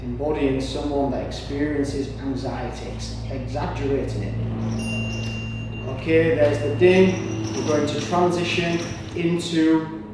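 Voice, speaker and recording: Male movement coach, encouraging and steady, recorded far off in a reverberant room with faint background noise. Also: a little high, unhurried. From Britain. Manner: encouraging, breathing audibly between cues. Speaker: somatic exercise instructor. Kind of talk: guided exercise instruction.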